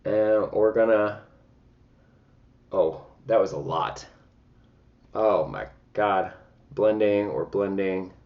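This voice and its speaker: Speaking slowly and pausing often, a man with a low voice reviews makeup at home in a casual vlog. The recording has its highs cut off. His delivery is dramatic and talkative, full of sassy outbursts.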